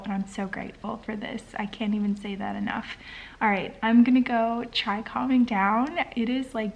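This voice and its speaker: A woman talking casually in a personal vlog at home at bedtime, gushing with excitement and gratitude, sometimes dropping into soft near-whispers. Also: mid-range voice. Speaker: vlogger.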